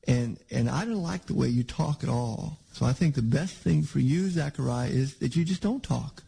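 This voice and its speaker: A man's voice: medium pitch, normal speed, creaky, few pauses, mellow, slightly rough, poor audio. A man preaching a sermon in a conversational, rambling way with frequent restarts.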